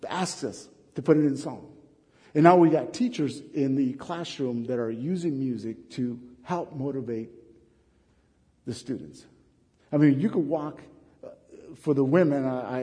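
A man giving a classroom lecture to teachers, animated and asking the class many questions. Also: mid-range voice, long reverb tail. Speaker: teacher trainer.

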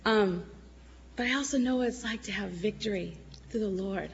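A middle-aged woman giving an emotional church testimony, at times tearful, swinging between loud exclamations and soft murmurs. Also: medium pitch, moderate pace, lo-fi sound, slight background noise.

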